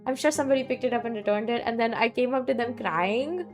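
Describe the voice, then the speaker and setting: A woman's voice: fairly high pitch, brisk. A young woman in her twenties with a Southeast Asian accent, rambling through stories in a casual chat while streaming a game. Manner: rambling, chatty storytelling full of "like". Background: faint background music.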